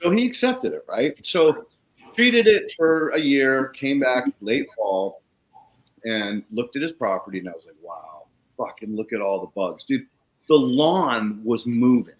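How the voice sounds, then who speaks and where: A man's voice: mid-range voice, unhurried, poor audio. A man who works on soil and landscapes, guest on a talk show, telling a story casually with swearing and acted-out voices. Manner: animated, profane, acts out the people he quotes.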